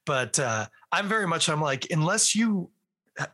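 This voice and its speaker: A man with a bright, slightly raised voice talks loosely as a podcast guest. He drifts from one tangent to the next in relaxed chat. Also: fairly high pitch, moderate pace. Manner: rambling, goes off on tangents. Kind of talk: casual chat.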